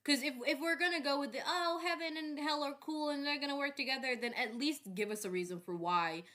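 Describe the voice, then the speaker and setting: Bright-voiced woman reacting to a show. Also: high-pitched, a little fast. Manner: chatty, joking asides. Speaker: reaction video host. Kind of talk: casual reaction commentary.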